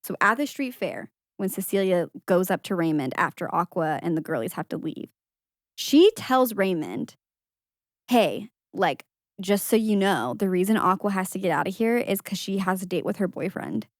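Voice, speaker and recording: Young woman chatting thru a movie recap, jumps into squeaky character voices, dry close mic. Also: normal speed, no echo. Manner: animated storytelling with high-pitched quoted voices and frequent laughs. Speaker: podcast co-host. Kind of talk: casual movie recap chat.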